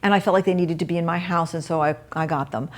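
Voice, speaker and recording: An older woman giving a house tour, telling a story in a chatty, animated way with many ums and restarts. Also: fairly low pitch, quick pace. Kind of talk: casual storytelling.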